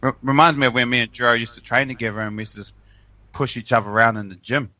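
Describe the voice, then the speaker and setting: Casting: New man, keen podcast host, sharp bright voice, rambling energy. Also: mid-range voice, steady tone, quick pace, no room sound. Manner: enthusiastic, rambling storyteller. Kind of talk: casual podcast chat.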